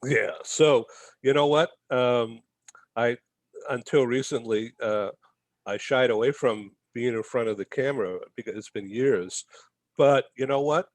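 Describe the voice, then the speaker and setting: A man's voice: medium pitch, measured pace, no room sound. A man from the Boston area, a guest telling a rambling story in a casual interview and tagging his lines with "okay?". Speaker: guest, magazine publisher.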